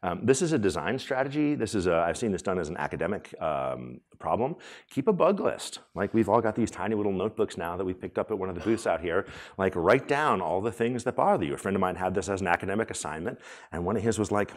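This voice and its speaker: A man in his forties giving a conference talk, animated and joking, with lots of "um" and "like" fillers. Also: low voice, fast talker. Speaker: conference speaker. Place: conference hall.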